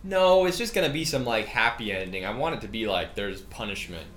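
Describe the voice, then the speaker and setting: A man's voice: on the low side, brisk, roomy sound. A man co-hosting a game stream, teasing and joking in casual banter. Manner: joking, teasing, deadpan complaints. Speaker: co-host. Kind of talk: casual chat while watching a game.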